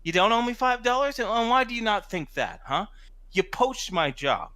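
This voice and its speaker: A man's voice: sits high, big pitch swings, moderate pace, sharp tone, no echo, pitched above the performer's own voice, heavily acted. A man voicing a hot-headed, puffed-up working-class man, brash and confrontational. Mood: indignant. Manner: brash, confrontational, street-tough.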